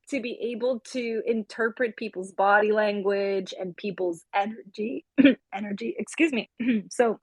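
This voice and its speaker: A woman from Puerto Rico, a life coach, speaks in a mid-pitched voice. She answers in a warm, heartfelt way. Her voice sounds dry and close, with no room echo. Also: a little slow, slightly rough. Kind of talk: casual chat. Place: audio chat room.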